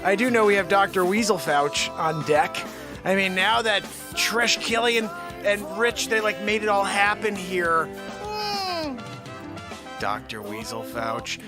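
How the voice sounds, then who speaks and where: A man hosting his nightly live show, joking around and swinging between loud hype and low mutters. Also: measured pace, music in the background. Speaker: host. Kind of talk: comedic live-stream banter.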